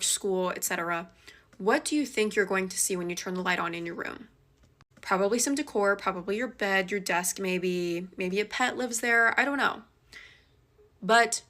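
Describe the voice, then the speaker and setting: A young woman with a mid-range voice tells a scary personal story in casual speech. She swings between quick rushes and slow, weighty pauses. It sounds like it was recorded close on a phone. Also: mid-range voice. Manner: animated and dramatic, shifting between fast rushes and slow emphasis.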